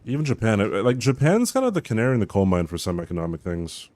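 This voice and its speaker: A man's voice: lowish voice, huge pitch swings, fast talker, a little mellow, no echo. A man streaming a game, chatting casually with his viewers in a rambling way, swearing and laughing as he reads the chat.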